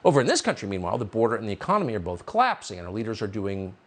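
A man hosting a cable news show, his voice husky and a little rough. His pitch swings widely as he delivers sardonic, incredulous questions with mocking asides. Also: huge pitch swings, very fast. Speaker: TV news host.

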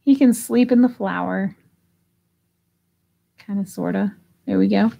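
A woman's voice: medium pitch, unhurried, gravelly, dark tone. A woman hosting a live online auction, chatting casually and giggling as she reads out bids. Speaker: live sale host.

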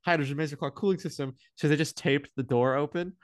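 A man, an astronomy researcher, chatting casually as an animated, playful storyteller. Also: on the high side, fast talker, dry recording, clean studio sound. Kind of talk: casual conversation.

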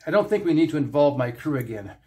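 A man's voice: a little high, animated, quick pace, dark tone, close to an everyday voice. A man voicing a stern and impatient male starship captain who speaks in a curt, snapping way, in a fan story reading. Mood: irritated.

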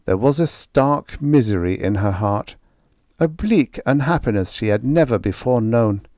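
A man reading a vintage science fiction story aloud as an audiobook narrator, with expressive storytelling. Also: mid-range voice, a little slow, no echo, clean studio sound. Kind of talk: scripted narration.

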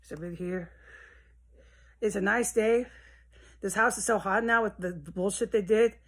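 A woman's voice: mid-range voice, normal speed, husky. A woman vlogging from her house in a rambling, agitated monologue, swearing often and jumping between topics. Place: at home in a house.

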